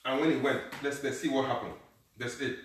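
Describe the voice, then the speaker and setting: A male pastor preaching a sermon, moving between low, quiet passages and shouted high calls, often asking the congregation if they are hearing him. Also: steady tone, brisk. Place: church. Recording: echoey room, mic far off.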